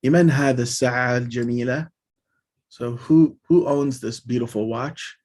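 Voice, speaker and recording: A man's voice: mid-range voice, quick pace, darkish tone. Male language tutor, mid-range voice, casual and explanatory, reads lines aloud then unpacks them. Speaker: language teacher.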